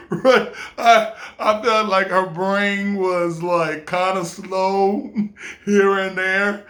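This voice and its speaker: A man's voice: sits high, drawn-out words, fairly bright tone. A man in his twenties telling a casual personal anecdote, rambling, full of "like" and laughing often. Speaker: storyteller.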